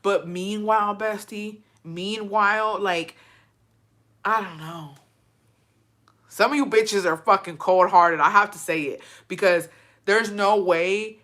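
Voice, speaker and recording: A woman with a bright, sharp-edged voice delivers a heated reaction commentary. She rants with profane outrage, swinging between disbelief and fury. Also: medium pitch, steady tone. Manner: profane, outraged, fast-shifting rant.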